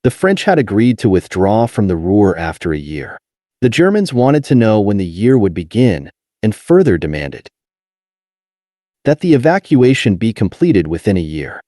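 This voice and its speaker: A man narrates a nonfiction history audiobook in a low, warm voice. His pitch moves expressively from phrase to phrase, and his reading stays measured and steady. The sound is dry and close. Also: dry recording.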